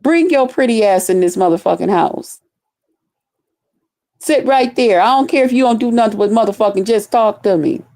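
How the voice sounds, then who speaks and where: A woman voicing a man who flatters a pretty young woman in a lowered, coaxing voice. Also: normal speed, close to an everyday voice.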